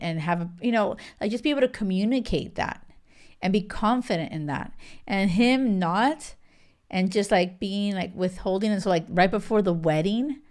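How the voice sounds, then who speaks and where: A woman hosting a casual reality show recap, chatty and gossipy, full of fillers and acted-out quotes. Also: mid-range voice. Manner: animated, gossipy, lots of fillers and quoted asides.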